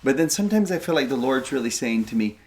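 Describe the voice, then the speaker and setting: A man in his forties co-hosting a scripture podcast, talking casually and getting animated as he paraphrases verses. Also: fast. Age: 40s. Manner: animated, jumps up in pitch when voicing God's kindness. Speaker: co-host of a scripture study podcast.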